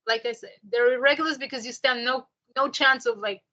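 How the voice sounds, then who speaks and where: A woman tutor on a video call, modelling words for her student and cheering him on. Her voice is bright and a little high, and the audio comes through dull and lo-fi. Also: steady tone, a little fast. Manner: encouraging, corrects pronunciation by repeating words. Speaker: Spanish tutor. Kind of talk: online one-on-one lesson.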